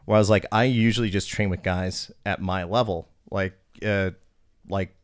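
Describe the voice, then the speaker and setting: Profane, animated young man telling stories. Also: sits low, moderate pace. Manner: profane, animated storyteller acting out quotes. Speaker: podcast host. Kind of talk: casual storytelling chat.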